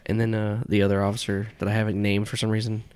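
Laid-back, low-voiced male game master. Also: monotone, fast, darkish tone, clean tone, no echo. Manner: casual, laughing often, filler-heavy. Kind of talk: narrating a tabletop game.

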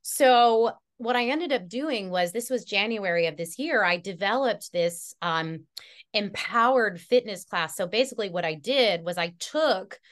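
A woman's voice: mid-range voice, expressive, unhurried. Chatty heartfelt woman storyteller. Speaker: guest. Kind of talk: casual podcast conversation. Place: Connecticut.

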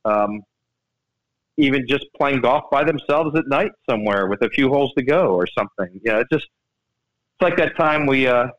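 A man telling lively golf stories on a radio sports show, acting out other people's lines. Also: medium pitch. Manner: animated storyteller, quick to act out other people. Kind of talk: casual radio golf chat. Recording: dull radio broadcast sound.

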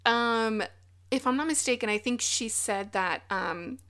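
A woman's voice: a little high, unhurried, fairly bright tone. A woman with a Texan accent, co-hosting a casual film podcast, rambling with playful asides. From Texas. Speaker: podcast co-host. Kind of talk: casual chat.

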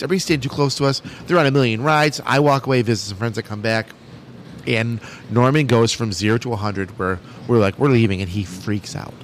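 A man's voice: medium pitch, a little hiss or hum. Profane, laughing podcast co-host man. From upstate New York. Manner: storytelling, profane, laughs often. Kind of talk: casual crude banter.

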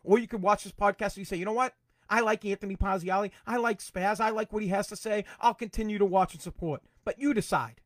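A man hosting his own podcast, ranting angrily about politics, swearing and repeating himself, at times breaking into shouts. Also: sits high, steady tone, fast talker, no echo, clean studio sound. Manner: angry, profane, repetitive, shouts in bursts. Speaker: podcast host. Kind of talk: political rant.

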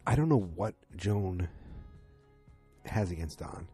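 Male recapper, low pitched, loose rambling delivery, raspy. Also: animated, slow pace, dark tone, faint music behind. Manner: rambling, many fillers and restarts, acts out quotes. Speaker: TV episode recapper. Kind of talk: casual spoken recap.

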